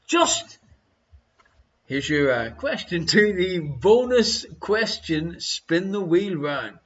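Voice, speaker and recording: A man's voice: high-pitched, sing-song, very slow, a bit bright, highs cut off. A man hosting a streamed quiz, joking and chuckling between questions. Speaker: quiz host. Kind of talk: live-streamed quiz chat.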